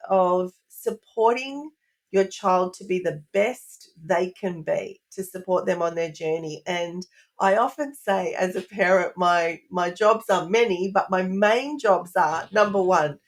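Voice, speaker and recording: A woman's voice: lowish voice, a little slow. Earnest woman explaining parenting ideas. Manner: earnest, explanatory, strings of rhetorical questions. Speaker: parenting expert guest. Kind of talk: podcast interview answer.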